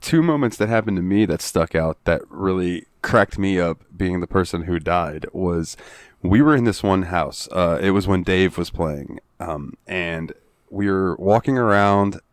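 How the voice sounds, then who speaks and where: A man hosting a casual gaming podcast, telling stories in a lively way and acting out his friends' shouts. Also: low voice, unhurried, no echo, clean studio sound. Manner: lively storyteller who acts out friends' shouts. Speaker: podcast host.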